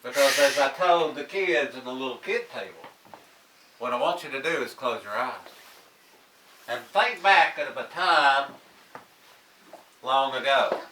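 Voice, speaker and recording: Slow, dramatic older storyteller. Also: male voice, mid-range voice, reverberant, distant mic, slight background noise, rough recording. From Tennessee, US. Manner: slow, dramatic, draws out words, hushes and shouts. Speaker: family storyteller. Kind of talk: oral storytelling to family.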